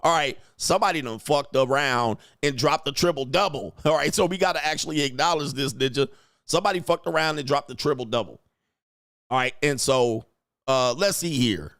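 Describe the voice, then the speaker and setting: A man's voice: medium pitch, brisk, gravelly, a bit bright, no echo, clean studio sound. A man hosting a livestream, talking in a brash, crude, slangy way, laughing often and acting out mocking voices. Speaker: livestream host. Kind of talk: crude casual livestream commentary.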